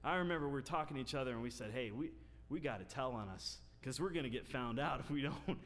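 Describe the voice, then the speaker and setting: A man's voice: medium pitch, expressive, fast talker. Man preaching in a reverberant church hall. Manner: storytelling that builds to loud emphatic preaching. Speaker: pastor. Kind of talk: sermon with personal testimony. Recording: long reverb of a large hall.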